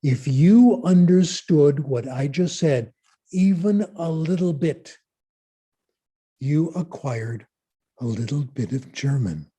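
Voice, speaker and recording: A man giving a conference lecture, asking rhetorical questions and answering them in an emphatic, deliberate way. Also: a little high, lively intonation, mellow, husky. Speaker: conference speaker. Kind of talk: lecture on language learning.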